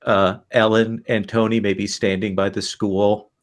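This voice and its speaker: A man's voice: fairly low pitch, little pitch movement, unhurried. A man playing a tabletop game, describing his character's farewell in a hesitant way. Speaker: player. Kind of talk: casual tabletop play.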